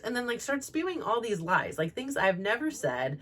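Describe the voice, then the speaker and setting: A woman's voice: a little high, very animated, moderate pace, fairly bright tone. A middle-aged woman hosting her own show, telling a personal story in a frank, self-reflective way and rambling through it with lots of "like" fillers. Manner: rambling, heavy use of "like" fillers. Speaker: host.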